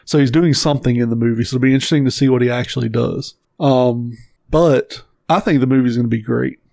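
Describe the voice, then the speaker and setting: A man's voice: medium pitch, quick pace, gravelly, darkish tone, no room sound. A man co-hosting a podcast in casual chat, blunt and emphatic, swearing freely. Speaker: podcast co-host.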